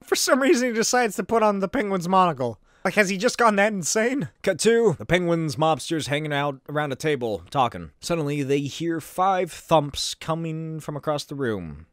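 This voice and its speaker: A man's voice: a little high, lively intonation, normal speed, few pauses, fairly bright tone, no room sound, studio quality. A man hosting a comedic comic-book recap, narrating with sarcastic asides and swearing. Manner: sarcastic, swearing, laughs at the pictures. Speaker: video host.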